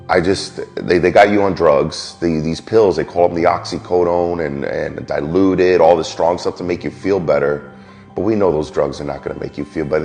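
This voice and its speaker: Deep-voiced guy from new york, army vet opening up about his life, soft music under it. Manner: candid, reflective, halting. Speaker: military veteran. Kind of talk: personal testimony.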